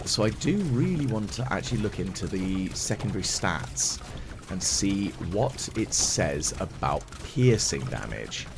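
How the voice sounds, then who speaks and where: A man's voice: low-pitched, noisy background. A man giving chatty ASMR gaming commentary as a let's play host, thinking aloud and mocking his own mistakes. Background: game music.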